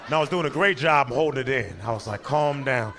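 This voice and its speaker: A man doing stand-up, telling a long story and acting out the people in it with quick voice changes. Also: medium pitch, background noise. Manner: animated, acts out characters in quick voices, breaks into laughter. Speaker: stand-up comedian.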